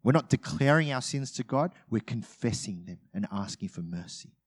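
A pastor delivers his sermon at a moderate pace in an expressive, mid-range voice with a breathy edge. Conversational and funny, he acts out everyday moments and swings between loud bursts and quiet asides.

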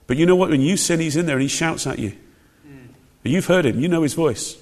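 A man's voice: on the high side, fast talker. A man delivers a sermon in a slightly raised voice. He talks in an emphatic, conversational way and keeps asking the congregation questions. His words ring out with the long reverb of a church hall. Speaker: preacher.

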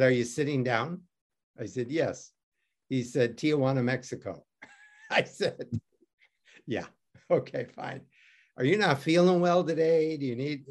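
Lively wry man from Detroit. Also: fairly high pitch. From Detroit, USA. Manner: wry, self-mocking, acts out quoted dialogue. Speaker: guest. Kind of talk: animated storytelling.

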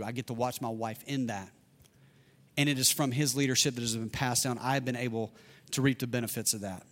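A man delivering a sermon in an earnest, conversational way. He comes back to key phrases to drive them home, and his delivery swings between loud proclamations and quiet, intimate passages. His voice sits in an ordinary middle register. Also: medium pitch. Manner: earnest, repeats lines for emphasis, shifts between loud and hushed. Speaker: pastor.

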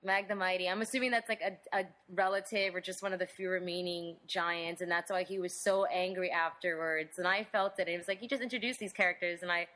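A woman co-hosting a podcast, talking casually and chattily with quick restarts. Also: lowish voice, fairly even intonation, fairly bright tone. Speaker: podcast co-host. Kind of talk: casual chat.

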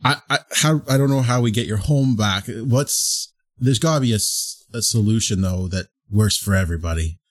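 Low-voiced, rambling game player. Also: male voice, normal speed, few pauses. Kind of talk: casual tabletop game chat.

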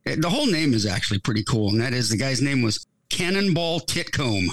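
A man's voice: medium pitch, sing-song, brisk, a bit bright, no room sound, rough recording. A man co-hosting a podcast who tells a story in a casual, wry, amused way. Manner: wry, amused, with chuckles in his telling. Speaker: podcast co-host.

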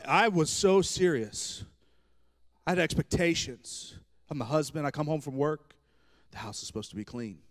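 Animated joking male pastor. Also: mid-range voice. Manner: animated storytelling with self-deprecating jokes. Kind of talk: humorous sermon.

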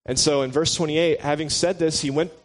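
A man's voice: a little high, a little fast, slight background noise. Laid-back joking man preaching. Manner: relaxed and joking, chats with the listeners. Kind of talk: casual conversational sermon.

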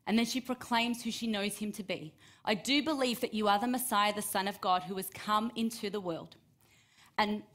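A woman gives a sermon, reading scripture aloud and breaking off to explain it. She acts out the quoted lines with lively emphasis, her voice sitting at an ordinary middle pitch. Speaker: preacher.

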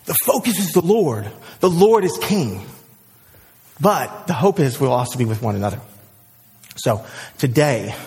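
A male pastor preaching a sermon, who tells the story with lively energy and then drops to a hushed prayer. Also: a little high, long reverb tail. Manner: animated storyteller, swings from excited shouts to hushed prayer.

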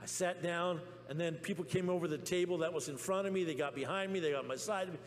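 A man preaching a testimony sermon in a church, telling his story excitedly with many restarts. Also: high-pitched, fast talker, soft background music. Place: church sanctuary. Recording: long reverb in a church with faint hum.

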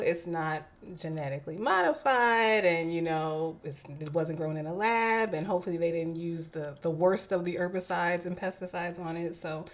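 A woman's voice: fairly low pitch, lively intonation, moderate pace. Laughing woman podcast host. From New York. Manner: laughs often, quotes people in her stories. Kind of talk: casual chat.

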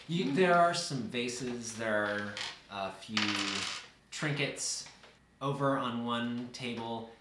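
A man narrating a tabletop game as game master, describing scenes in a measured, casual way. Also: mid-range voice. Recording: roomy echo, faint noise.

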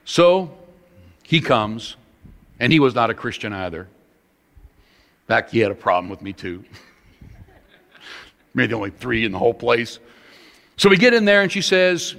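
A middle-aged male pastor delivers a sermon with animated, emphatic storytelling. His pitch swings widely as he talks, and his voice rings with a long reverb as if in a big hall. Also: measured pace, vocal fry, pauses often.

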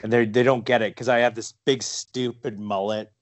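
A man's voice: medium pitch, flat delivery, moderate pace, dry recording. A man chatting casually on a podcast, rambling with lots of fillers and restarts. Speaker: guest, fighter and wrestler.

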